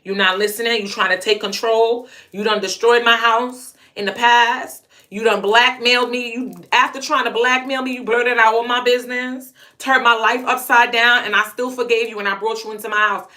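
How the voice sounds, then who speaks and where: A woman's voice: on the high side, steady tone, normal speed, hardly any pauses, pushed and bright. A young adult woman vlogger telling a personal story to camera in a blunt, emphatic way, often stuttering through repeated words.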